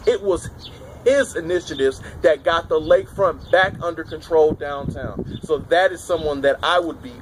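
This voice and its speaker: A man's voice: on the high side, poor audio. Emphatic man ranting outdoors in wind. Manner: emphatic, repetitive phrasing. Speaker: political vlogger. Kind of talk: opinionated political commentary. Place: outdoors in a city, windy. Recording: wind and traffic noise outdoors.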